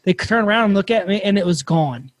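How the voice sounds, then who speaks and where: A man hosting a podcast, telling a campfire story in a casual, animated way and swearing freely. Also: high-pitched, brisk. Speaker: podcast host.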